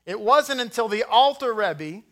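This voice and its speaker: A man's voice: sits high, lively intonation, measured pace, a bit bright. A man preaching a sermon as rabbi, blunt and rousing, with jokey asides to the congregation.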